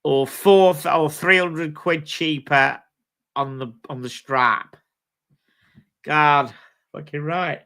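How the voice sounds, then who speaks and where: British guy hosting a live stream, gravelly bright voice, swears a lot, blunt. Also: a little high, fairly even intonation, slow, pauses often. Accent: British English. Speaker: livestream host. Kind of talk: casual live-stream chat. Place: home streaming setup.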